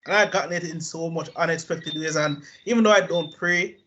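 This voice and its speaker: High-voiced man, animated and laughing. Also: a little fast. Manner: animated, laughing, profane storytelling. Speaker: podcast co-host. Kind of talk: casual chat. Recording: dull lo-fi audio with faint noise.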